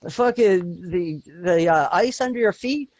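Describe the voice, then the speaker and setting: A man's voice: high voice, expressive, unhurried, a little mellow, a little hiss or hum. A Canadian man from Eastern Canada co-hosting a podcast, telling rambling stories in casual chat and swearing constantly. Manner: profane, rambling storytelling with frequent swearing. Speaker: podcast co-host.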